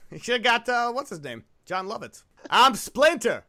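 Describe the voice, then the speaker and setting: Male podcast host, jokey and animated, voice swinging all over. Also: high-pitched, moderate pace, creaky. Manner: animated, swearing, joking. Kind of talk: casual movie review chat.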